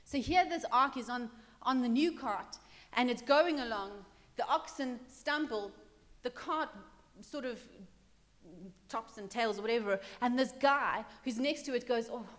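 A woman pastor preaching a sermon, telling the story conversationally and acting out the characters, dropping to a hush and rising again. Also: on the high side, long reverb tail. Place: church hall.

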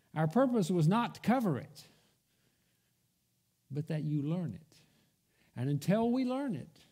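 A man delivers a sermon with a fairly high, mellow voice. His pitch swings widely as he tells the story and voices the figures in it. He takes his time and lets his voice sink nearly to a whisper to make a point. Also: slightly rough. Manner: storytelling, acting out quoted voices, drops to a whisper for emphasis. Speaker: pastor. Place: church.

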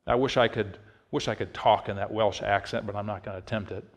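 A middle-aged male pastor preaching a sermon, telling a personal story in an easy tone and rising to emphatic, shouted peaks. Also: on the low side, fairly even intonation, fairly quick, long reverb tail. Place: church sanctuary.

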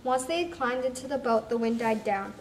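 A woman narrates a scripture passage for a church skit. She reads aloud and sometimes stumbles and restarts. Her fairly high voice comes from a distance in an echoey hall with clear background noise. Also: expressive, a little fast.

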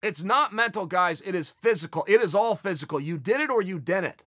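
Blunt male motivational speaker, high and bright, very lively delivery. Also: a little fast, no echo, clean studio sound. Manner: blunt, emphatic, swears for emphasis. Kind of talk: motivational speech.

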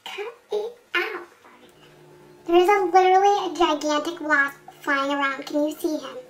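A young woman with a hoarse, raspy voice from losing it, chatting goofily to camera as a beauty vlogger. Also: high voice, a little fast, rough recording. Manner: goofy, playful, rambling. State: hoarse, lost voice. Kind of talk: casual chat to camera.

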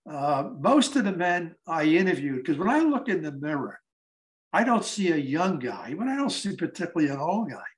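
A man's voice: a little high, very animated, moderate pace, rough recording. A man in his eighties, a guest speaker at a library event, telling stories conversationally and acting out the dialogue. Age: 80s. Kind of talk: storytelling talk.

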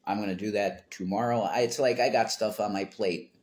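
A man's voice: on the low side, steady tone, fairly quick, a little mellow. A man hosting a casual home livestream, reading chat comments aloud, rambling and swearing bluntly.

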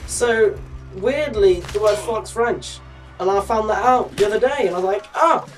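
A man's voice: high-pitched, moderate pace, distant mic, soft background music. A young man with a put-on Australian accent, giving chatty, rambling gameplay commentary and swearing casually. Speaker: gaming YouTuber.

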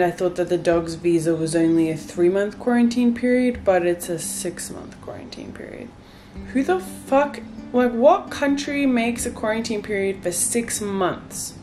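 Tired, unhurried young woman chatting candidly. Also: fairly low pitch, a little mellow. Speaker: vlogger. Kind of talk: casual heart-to-heart video chat. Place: bright white bedroom, indoors. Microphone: phone camera, close. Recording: faint guitar music underneath.

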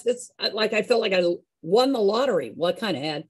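A woman in her sixties telling a personal story in an animated, chatty way, with a husky voice. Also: medium pitch, brisk, few pauses, low-quality recording. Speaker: show regular.

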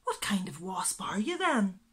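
A woman's voice: medium pitch, big pitch swings, unhurried, fairly bright tone, husky, heavily acted. A woman voicing a curious fried egg jellyfish in a children's story, exclaiming in surprise. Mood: amazed.

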